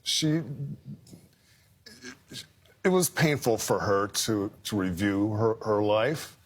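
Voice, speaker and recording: Slow, low-voiced reporter answering reflectively. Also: male voice, animated. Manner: halting, reflective, many fillers. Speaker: correspondent interviewed on air. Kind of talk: live on-air interview.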